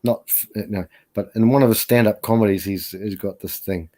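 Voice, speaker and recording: A man's voice: lowish voice, brisk, warm tone. A man talking as a guest on a casual live stream, rambling and hesitant with lots of fillers.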